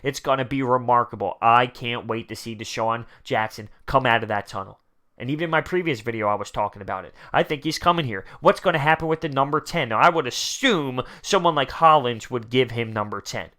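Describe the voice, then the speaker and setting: A man giving excited, emphatic fan commentary on his own sports channel, often repeating lines for effect. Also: mid-range voice, brisk. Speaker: sports vlogger.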